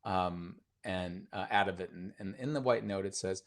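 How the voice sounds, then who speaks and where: A man speaks as a mindfulness teacher on a live stream. His delivery is loose and conversational, full of fillers, false starts and repeated words. His tone stays earnest and gently encouraging throughout. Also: low voice, normal speed.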